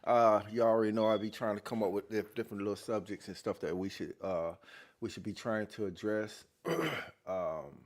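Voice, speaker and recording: Halting, increasingly emphatic vlogger man. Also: lowish voice, steady tone. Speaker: vlog host. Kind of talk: casual commentary.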